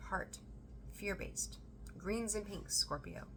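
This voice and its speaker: A woman reading tarot for her viewers, emphatic and animated, repeating phrases for emphasis and swearing now and then. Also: mid-range voice, slow, background noise. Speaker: tarot reader. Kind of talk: intuitive tarot reading to camera.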